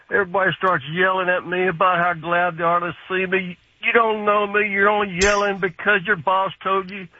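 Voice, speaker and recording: A man's voice: high-pitched, dry recording. A man calling into a radio show to gripe bluntly about overly friendly store staff. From Houston area. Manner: griping complaint, blunt. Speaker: caller. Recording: phone line.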